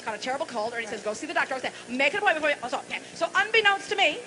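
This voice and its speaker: A woman's voice: high voice, big pitch swings, racing. A woman doing salty, bawdy stand-up patter on a live stage, acting mock-forgetful between jokes. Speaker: stand-up comedian and singer. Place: large live venue, boomy room. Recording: live concert recording with loud audience noise. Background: live audience noise.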